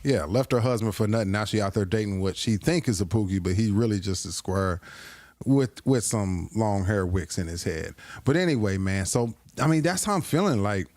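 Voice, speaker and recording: Dry-sounding rambling stream host. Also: male voice, fairly low pitch, lively intonation, moderate pace, darkish tone, dry recording. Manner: rambling, joking, self-deprecating. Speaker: livestream host. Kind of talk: casual livestream chat reacting to clips.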